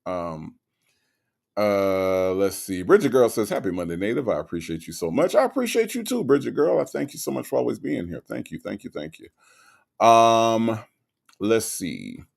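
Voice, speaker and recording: A man hosting a casual livestream, greeting viewers by name and reading their comments aloud. He talks in a relaxed way that swings between quiet mumbles and sudden loud bursts. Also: on the low side, moderate pace, gravelly. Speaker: livestream host.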